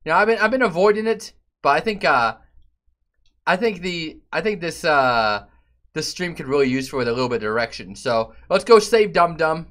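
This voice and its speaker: A man streaming a game and chatting loosely with his viewers, profane and given to sudden loud outbursts. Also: fairly high pitch, expressive, moderate pace. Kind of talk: casual live-stream chat.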